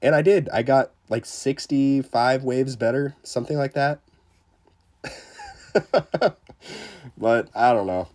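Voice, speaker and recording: A man's voice: mid-range voice, slow, pauses often. A man streaming a game live, chatting casually with many fillers, greeting viewers and poking fun at himself. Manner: self-deprecating and excitable. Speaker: livestreamer. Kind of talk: casual live gameplay commentary.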